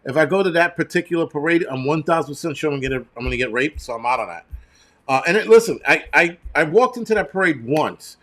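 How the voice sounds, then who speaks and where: A man's voice: fairly high pitch, lively intonation, fast talker, fairly bright tone. A middle-aged man hosting a casual livestream, answering viewers in a blunt, profane, rambling way. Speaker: channel host.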